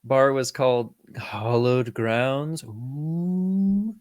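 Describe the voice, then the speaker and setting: A man's voice: medium pitch, moderate pace, no room sound. A man co-hosting a film review podcast, chatting casually, swearing freely and acting out quotes. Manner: profane, animated, acts out quotes. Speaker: podcast co-host.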